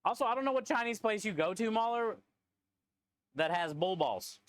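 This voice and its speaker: A man's voice: high-pitched, animated, normal speed, clear, resonant tone, dry recording. A man, a food truck cook, chatting casually with viewers on a live stream and joking around.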